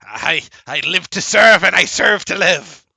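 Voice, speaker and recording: A man voicing a small gray bat-eared ghoul servant, fawning and excitable, in a tabletop game. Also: measured pace, creaky, slightly rough, no room sound, full character voice. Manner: squeaky, excited, rambling.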